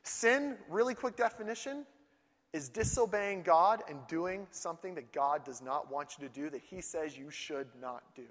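A man preaching a sermon to a group in a church hall, telling lively stories and acting out voices and outbursts. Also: a little high, normal speed. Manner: animated storytelling, acts out voices and outbursts. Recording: long hall reverb.

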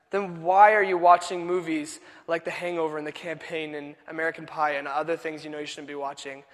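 A young man preaching a sermon, telling the story in a casual, animated way with many filler words. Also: high-pitched. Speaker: youth pastor. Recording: long echo of a large hall.

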